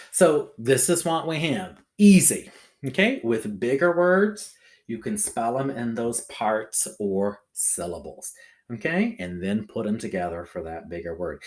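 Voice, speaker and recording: Slow, sing-song man teaching phonics. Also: mid-range voice. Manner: slow, exaggerated sounding-out of syllables; ends phrases with a bouncy "okay?". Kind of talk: phonics lesson for young pupils.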